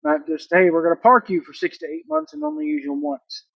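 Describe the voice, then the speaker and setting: Male wrestling reviewer, high voice, blunt and opinionated, dry, dull-sounding home recording. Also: a little fast, dry recording. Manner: blunt, opinionated, animated play-by-play recap. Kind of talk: casual solo review.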